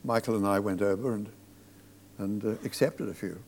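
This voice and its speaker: A man, a theatre director, telling anecdotes to an audience, halting and restarting as he goes. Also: lowish voice, darkish tone. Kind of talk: storytelling on stage. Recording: long reverb of a hall.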